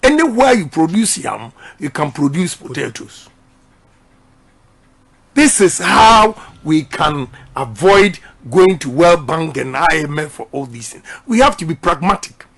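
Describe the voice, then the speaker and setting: Emphatic Ghanaian man, high voice. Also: very animated, measured pace, vocal fry, fairly bright tone. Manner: emphatic, repeats his points. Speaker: politician. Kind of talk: campaign speech.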